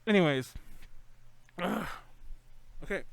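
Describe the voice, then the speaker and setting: A man's voice: sits high, animated, slow, gravelly. A man hosting a casual podcast over an online call, rambling and correcting himself with frequent laughs. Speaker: podcast host. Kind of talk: casual chat. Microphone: home computer mic on an online call.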